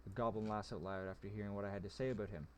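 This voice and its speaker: A man's voice: on the low side, fairly even intonation, very fast, darkish tone, slight background noise. Man reading a gamebook aloud, plain and unpolished, occasional self-corrections. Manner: stumbles over words and corrects himself. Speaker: reader.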